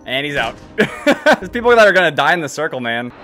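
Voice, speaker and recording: A man's voice: a little high, big pitch swings, a little fast, pushed and bright, faint music behind. A young man giving live commentary over his own gameplay, swearing a lot and mocking himself. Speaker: gaming YouTuber. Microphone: desk condenser microphone.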